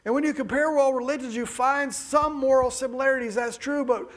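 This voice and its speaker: A man preaching a sermon emphatically, dropping to soft low passages and then rising to raised bursts. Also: fairly even intonation, fairly quick.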